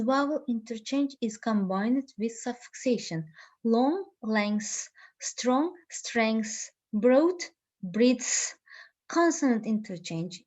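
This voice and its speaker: Woman teacher going through lecture notes, lots of uhs, muffled lo-fi recording. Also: on the high side. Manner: slow, careful delivery with frequent "uh" fillers.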